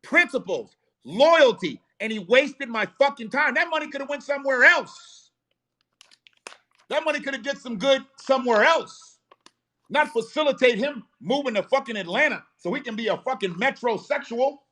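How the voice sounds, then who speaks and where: A man's voice: very high voice, expressive, normal speed, bright, forceful tone. Blunt, profane man ranting on a live stream. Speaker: host of a live show.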